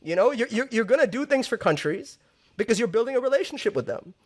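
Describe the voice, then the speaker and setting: A man in his thirties from Southeast Asia, a podcast guest talking in an animated, casual way and often repeating words as he builds a point. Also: very high voice, fast talker. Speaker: podcast guest, music label owner. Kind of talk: casual conversational interview.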